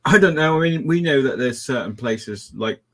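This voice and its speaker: A man's voice: mid-range voice, lively intonation, normal speed. A man co-hosting a podcast, chatting casually and speculatively about mysteries, often hedging his points. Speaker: podcast co-host. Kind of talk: casual conspiracy chat.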